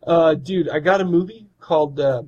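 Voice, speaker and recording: A man co-hosting a podcast tells rambling stories in casual chat, laughing often. His voice is on the high side with a darkish tone, and the recording sounds muffled.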